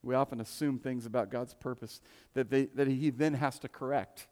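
A male preacher with a mid-pitched voice who talks through his sermon casually, asking the listeners questions as he goes. His voice carries through a large church with a long reverb tail. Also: steady tone, moderate pace, a little mellow. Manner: conversational, rhetorical questions, restarts.

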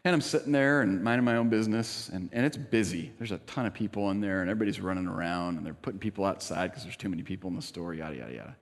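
A middle-aged man preaching and telling a personal story in a relaxed, conversational way. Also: sits low, rapid-fire, hardly any pauses, big-room sound. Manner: conversational storytelling, animated quoted voices. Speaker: pastor.

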